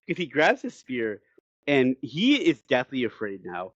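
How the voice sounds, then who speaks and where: A man co-hosts a casual podcast, walking through an anime episode with lively enthusiasm and frequent laughter. His voice sits in an ordinary middle range. The recording is dry and slightly dull, like a basic home setup. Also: mid-range voice, unhurried, no echo. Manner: animated storytelling with frequent laughs. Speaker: podcast co-host.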